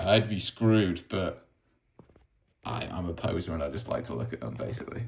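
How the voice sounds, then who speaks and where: A man's voice: on the low side, a little fast, a bit bright. Rambling man, chatty vlogger. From Wales. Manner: rambling, self-deprecating, chatty with many ums. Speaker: vlogger showing his map collection. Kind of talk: casual rambling show-and-tell.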